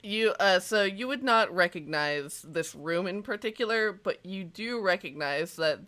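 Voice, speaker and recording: A game master narrates a tabletop scene slowly and deliberately, in a bright, sharp-edged voice at a middle pitch. The descriptions are loose and hedged with fillers. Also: animated. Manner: slow, scene-setting narration with hedging fillers.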